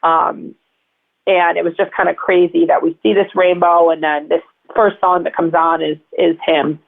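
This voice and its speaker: A woman's voice: on the low side, little pitch movement, moderate pace, gravelly. A woman telling personal stories as an interview guest, in a chatty, rambling way full of fillers. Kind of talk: casual interview storytelling. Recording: tinny phone line.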